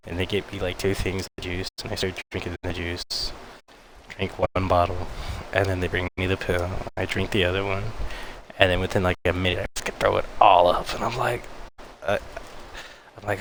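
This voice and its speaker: Deep, gravelly man telling a story. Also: normal speed, slight background noise, poor audio. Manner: profane, animated retelling with mimicked yelps. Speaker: streamer. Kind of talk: casual storytelling on a live stream.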